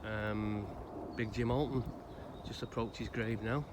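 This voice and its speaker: In a cemetery outdoors, a man from Salford, England, with a lowish voice and fairly even intonation, rambles conversationally, pausing often. The grave-visiting vlogger offers casual storytelling and a spoken tribute while outdoor noise plays behind his voice.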